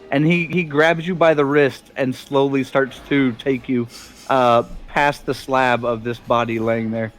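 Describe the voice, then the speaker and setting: A man narrating a tabletop role-playing game as game master, animated and laughing often. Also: mid-range voice, a little slow, faint music behind. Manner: animated, laughing often, puts on character voices.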